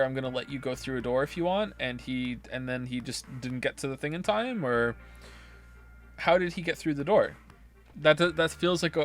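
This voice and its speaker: A male streamer reading a visual novel's text aloud and breaking off into wry, sarcastic asides. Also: mid-range voice.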